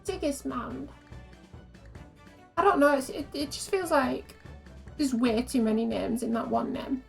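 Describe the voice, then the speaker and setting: A woman's voice: high-pitched, normal speed, creaky, faint music behind. Chatty woman streamer. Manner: chatty, self-mocking, laughs at herself. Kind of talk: casual game commentary.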